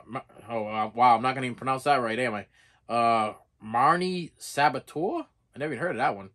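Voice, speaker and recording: A man's voice: medium pitch, fairly bright tone. A man with a Boston accent, rambling casually through an unboxing vlog and often stumbling over his words. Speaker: collector showing his purchases.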